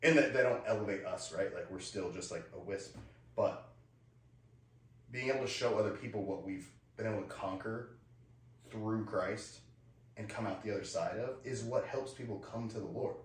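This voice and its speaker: A man's voice: fairly low pitch, moderate pace. A man in his thirties co-hosting a podcast, telling candid personal stories in a casual chat and acting out the dialogue. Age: 30s. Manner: candid storyteller, acts out dialogue. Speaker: podcast co-host. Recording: echoey room, far from the mic.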